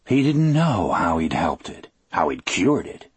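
A man narrating an audiobook in a measured, unhurried first-person telling. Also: low-pitched, sing-song, slightly rough, no echo.

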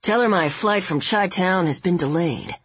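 Woman reading as a joking husband, tough-guy banter, husky low tone, dry muffled read. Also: moderate pace, dry recording. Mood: wry joking. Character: easygoing husband on a delayed flight, man.

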